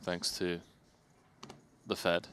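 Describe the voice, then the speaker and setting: A man commentating a live poker tournament in a chatty, amused way, quick to react to what happens at the table. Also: low voice, monotone, a bit bright, clear, resonant tone.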